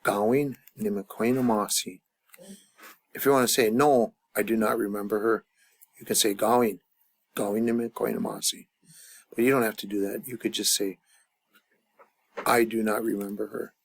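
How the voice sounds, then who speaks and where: A man's voice: lowish voice, fairly even intonation, normal speed, long pauses. A man teaching a grammar lesson at a chart, thinking aloud with many fillers and restarts. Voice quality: gravelly. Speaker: language teacher.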